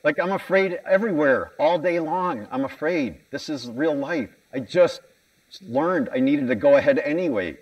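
A man's voice: a little high, animated, moderate pace, far from the mic, muffled recording. Candid self-mocking male keynote speaker. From United States. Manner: candid, self-mocking, conversational with audience questions. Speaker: conference speaker. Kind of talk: keynote talk. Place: conference hall stage.

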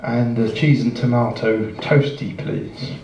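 A man voicing a nervous, polite giant male rabbit who orders hesitantly and softly. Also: medium pitch, fairly even intonation, creaky. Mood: timid. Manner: hesitant, halting, soft-spoken. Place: jazz club stage. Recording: roomy, distant, dull live club sound.

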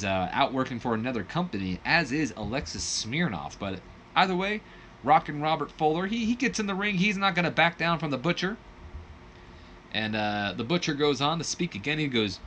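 A man giving casual, chatty play-by-play commentary on his video game, with bursts of excitement. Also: medium pitch, brisk, a little hiss or hum. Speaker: gaming video host.

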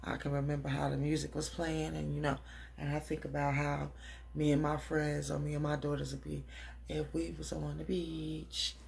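A woman's voice: low-pitched, little pitch movement, normal speed, vocal fry, a little mellow. A middle-aged woman recapping a TV episode in a chatty, slangy way, dancing around while she talks.

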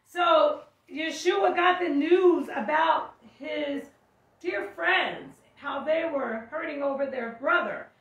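A woman with a high voice preaches a sermon, reading scripture aloud and breaking off to explain it. She often calls out with force. She is heard from a distance in a room with a lot of echo. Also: slow, fairly bright tone. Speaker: teacher. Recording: echoey room, mic far off.

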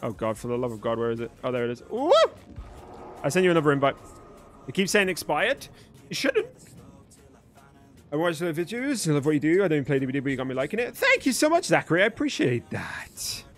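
A man's voice: fairly high pitch, expressive, quick pace, soft background music. Chatty British young man streaming live. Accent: British English, mostly neutral. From Birmingham, England. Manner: chatty, thanks viewers and reads out chat. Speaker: streamer host. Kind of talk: casual live-stream chat.

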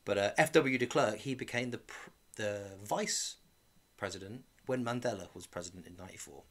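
A man's voice: fairly low pitch, brisk. A man in his thirties co-hosting a podcast, chatting casually and dropping dry jokes as he runs through events. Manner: dry, jokey, reads out events. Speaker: podcast co-host. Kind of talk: casual comedic chat.

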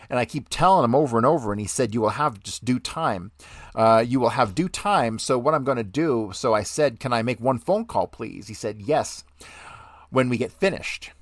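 A man's voice: mid-range voice, no echo, studio quality. A man reading aloud a transcript of grand jury testimony, taking both the questioner's part and the witness's part in the same voice. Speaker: podcast host.

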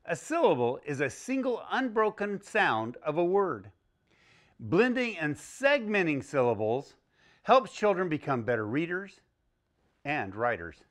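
Lively slow-talking children's teacher man. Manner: slow, clear, exaggerated teaching delivery with lively pitch. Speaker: early-learning teacher. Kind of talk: children's phonics lesson.

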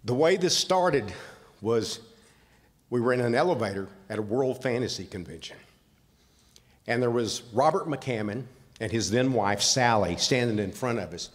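An older man from the Southern United States, with a Southern accent and an expressive, medium-pitched voice at normal speed, accepts an award on behalf of his wife. He speaks plainly, telling stories in a folksy way. The large convention hall gives the recording a reverberant sound.

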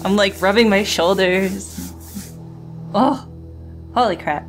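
A woman streaming a horror game, reacting with jittery swearing and nervous laughter and reading game text aloud. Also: medium pitch. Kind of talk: live gameplay commentary.

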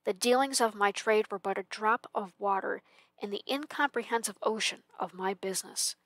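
A woman's voice: mid-range voice, normal speed, no room sound, natural voice. A woman voicing the tormented, chained ghost of an old businessman in a storybook reading, mournful and declaiming. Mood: anguished. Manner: mournful, declaiming with swells of loudness.

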